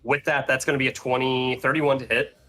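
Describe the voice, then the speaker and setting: A man's voice: mid-range voice, little pitch movement, a little fast, bright, forceful tone, faint music behind. A man narrating as game master, rambling with fillers and restarts. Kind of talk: narrating a tabletop game over a call.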